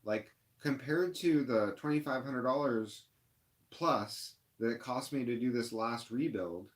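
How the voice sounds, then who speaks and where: A rideshare driver ranting on a live stream, frustrated and upset, with halting restarts and lots of fillers. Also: male voice, mid-range voice. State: upset, near tears.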